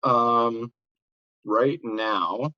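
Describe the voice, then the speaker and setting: A man's voice: medium pitch, extremely slow, dry recording, dull audio. A young man telling a casual, rambling story as an interview guest, sprinkling "like" and swearing throughout. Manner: rambling, heavy use of "like" and swearing.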